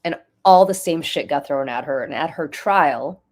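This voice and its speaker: A woman's voice: low-pitched, moderate pace, a little mellow. A woman giving impassioned talk-show commentary, emphatic and emotional, repeating her key points for force. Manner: emotional, urgent. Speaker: political commentator and nonprofit leader.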